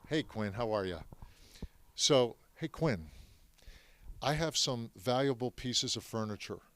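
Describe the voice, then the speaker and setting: A man voicing a cautious middle-aged man who quietly asks neighbors for favors, in a hushed, pleading way. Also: medium pitch, animated, measured pace, no echo.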